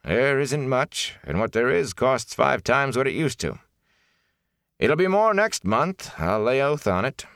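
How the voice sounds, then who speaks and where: A man voicing a weary innkeeper who complains slowly and resignedly about hard times. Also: mid-range voice, sing-song, a bit bright, dry recording, clean studio sound, pitched above the performer's own voice.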